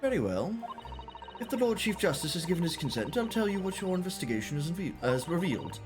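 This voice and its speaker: A man's voice: high voice, sing-song, a little fast, over music, voice pushed up. A streamer voicing a cold, curt woman forensic scientist in a detective game. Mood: frosty, curt. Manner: curt, frosty.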